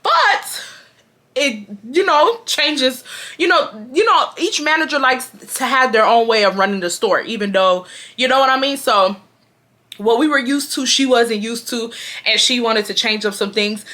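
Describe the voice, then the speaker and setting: Young woman, bright forceful voice, slangy, emphatic, casual storytime. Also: a little high, moderate pace. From Houston, Texas. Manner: animated, slangy and emphatic, addresses viewers as y'all. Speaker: YouTuber.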